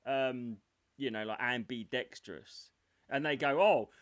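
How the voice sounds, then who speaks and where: A man's voice: medium pitch, smooth, no echo, studio quality. A man co-hosting a podcast over a video call, chatting casually and animatedly, often slipping into silly voices. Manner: animated, quick to do voices, laughs while talking. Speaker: podcast co-host. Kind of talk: casual chat.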